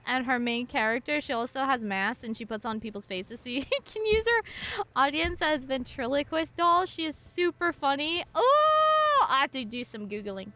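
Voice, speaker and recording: Young woman, from Washington and Montana, game streamer, casual chat, rambling, high voice. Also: sharp tone. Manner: rambling, full of fillers and restarts.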